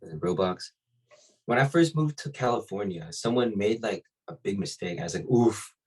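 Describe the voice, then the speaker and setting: A young man with a very deep, husky voice talks in a laid-back, easy way. He is from Hawaii and co-hosts a casual podcast chat, often laughing as he tells his stories. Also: lively intonation, normal speed, poor audio. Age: young adult. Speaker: podcast co-host.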